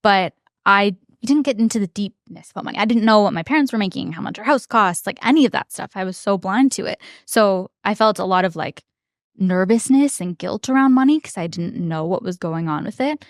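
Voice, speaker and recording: Quick, lively young woman telling stories. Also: mid-range voice, dry recording, studio quality. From Canada. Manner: animated storyteller acting out her past self. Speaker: finance content creator guest. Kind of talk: casual podcast interview.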